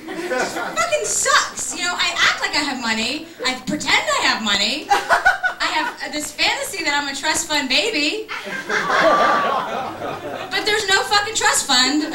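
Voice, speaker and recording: Brash young woman doing stand-up, high voice. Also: big pitch swings, normal speed, background noise. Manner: brash, profane, self-mocking. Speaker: stand-up comedian. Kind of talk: stand-up comedy set. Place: small comedy venue. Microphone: camcorder from the audience. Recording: echoey room taped from far off.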